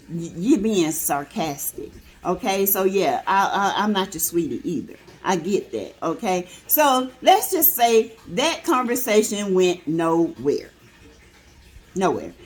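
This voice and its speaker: Sassy woman host, casual gossip recap, talks like chatting with friends, plenty of fillers. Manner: chatty, sassy, filler-heavy, laughs, swoops up high when excited. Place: in her car.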